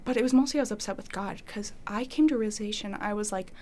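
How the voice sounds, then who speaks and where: Sharing her testimony casually, a young woman rambles through her faith story, leaning on "like" and voicing her past thoughts aloud. She speaks fast at a medium pitch with a slightly mellow tone.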